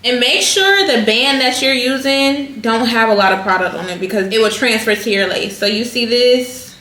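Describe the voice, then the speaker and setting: A hairstylist vlogger walks viewers through a wig install in a chatty, casual tutorial, calling them "y'all." Her slightly high voice is pushed and bright at normal speed, recorded in an echoey room with faint noise.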